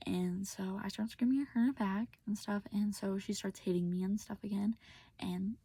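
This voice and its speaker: A woman's voice: mid-range voice, fairly even intonation, normal speed, dark tone, slightly rough, no echo. A young woman telling a personal story in a rambling, casual way with lots of filler words, often half-whispered, recorded on a phone. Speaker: vlogger.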